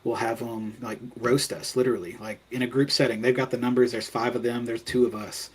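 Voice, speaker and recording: A man's voice: medium pitch, steady tone, fairly quick, breathy edge, rough recording. A man talking as a podcast guest, telling his business story in a candid, casual way full of "like" fillers. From Kentucky. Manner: candid, conversational, frequent "like" fillers.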